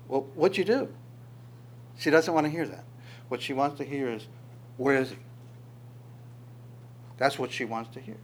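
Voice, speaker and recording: A man's voice: on the high side, slight background noise. Man preaching a conversational sermon. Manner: conversational, searching, quick asides. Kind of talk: expository sermon.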